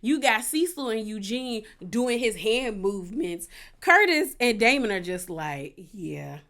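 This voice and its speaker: A woman's voice: on the high side, animated, measured pace, fairly bright tone. Chatty woman recapping reality TV. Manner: chatty and opinionated, acts out quotes. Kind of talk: casual recap commentary.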